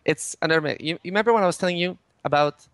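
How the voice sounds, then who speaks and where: A man's voice: on the high side, very fast, a bit bright, clean tone, no room sound. A middle-aged man, a game studio head in an interview, explaining game mechanics with many restarts and fillers.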